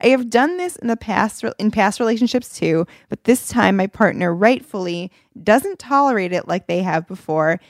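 Woman co-host, wry reader, very lively pitch, some vocal fry, dry mic. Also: moderate pace, few pauses, dry recording. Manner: lively, wry reading with laughs. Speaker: podcast co-host. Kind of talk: reading a listener letter, casual chat.

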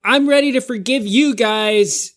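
A man's voice: extremely high pitch, a little slow, a bit bright. Man playing his character in a tabletop game. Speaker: player.

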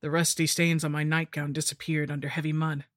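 A woman's voice: low-pitched, level tone, dry recording, clean studio sound. Woman narrating a gothic horror story. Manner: measured, dramatic storytelling.

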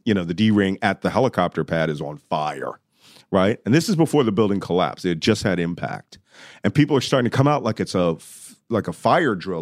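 Low-voiced middle-aged man telling a story. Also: no echo, clean studio sound. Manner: vivid, acts out his own past lines, loudly at times. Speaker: podcast guest. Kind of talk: conversational storytelling.

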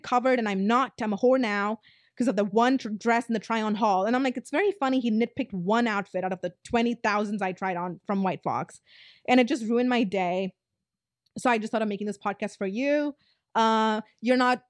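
A woman's voice: on the high side, no room sound, clean studio sound. A woman in her twenties hosting a podcast, telling a story in a blunt, casual way, swearing freely and saying "like" a lot. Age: 20s. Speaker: podcast host.

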